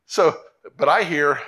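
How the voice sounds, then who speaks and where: A pastor with a higher, somewhat bright voice preaches earnestly, circling back over his words and lifting them to emphatic climaxes.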